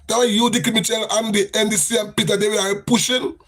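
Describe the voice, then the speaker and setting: A man's voice: high-pitched, little pitch movement, quick pace, a bit bright, faint music behind. A man with a Grenadian accent giving an impassioned, repetitive political rant on a livestream. He talks with a sing-song cadence. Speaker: livestream host.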